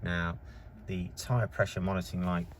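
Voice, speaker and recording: A man's voice: low voice, steady tone, normal speed, a little hiss or hum. A man from a car dealership giving a casual how-to demonstration from inside a car, explaining plainly step by step as he points things out. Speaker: car dealership staff presenter.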